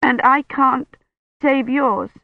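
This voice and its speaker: A woman's voice: fairly even intonation, takes it slowly, vocal fry, dry recording, narrow, tinny audio. Narrator voicing a tearful young woman. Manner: pleading, tearful, raised pitch. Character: young woman, desperate and grieving. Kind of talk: audiobook reading.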